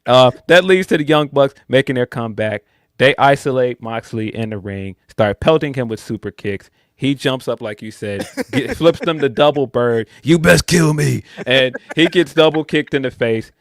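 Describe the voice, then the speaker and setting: A man's voice: mid-range voice, moderate pace, no echo, clean studio sound. A man co-hosting a podcast, chatting casually through a wrestling review and jumping into joking voices. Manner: animated, slips into loud slangy put-on voices for jokes. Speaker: podcast co-host.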